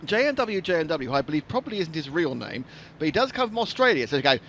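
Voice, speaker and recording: A man in his fifties rambles cheerfully through live race-stream commentary, with plenty of jokes and asides. His voice sits somewhat high and leaps about in pitch, and there is faint noise behind him. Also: big pitch swings, fast talker, fairly bright tone. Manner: chatty, jokey, rambling.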